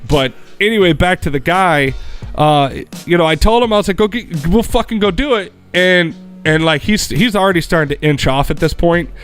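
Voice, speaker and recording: A man's voice: fairly high pitch, normal speed, fairly bright tone, faint music behind. A man co-hosting a podcast, telling a rambling, profane story in casual chat. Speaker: podcast co-host.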